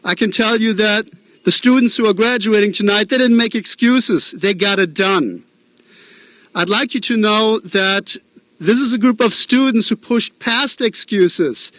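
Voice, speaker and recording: A man's voice: high voice, animated, a little slow, a bit bright, no room sound. A man, a school principal with a Midwestern American accent, giving an earnest, encouraging graduation welcoming address with fillers and self-deprecating asides. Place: outdoor drive-in graduation ceremony.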